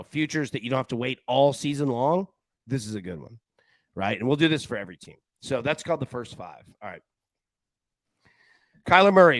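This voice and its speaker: A man hosting a sports-betting show in casual chat, talking in quick restarts and repeated false starts. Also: mid-range voice, no echo, clean studio sound. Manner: animated, talks in restarts and repeated "I, I".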